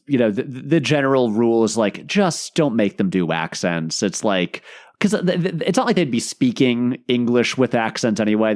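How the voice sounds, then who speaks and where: Animated man in casual chat. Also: medium pitch. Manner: animated, lively storytelling. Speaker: podcast guest, filmmaker.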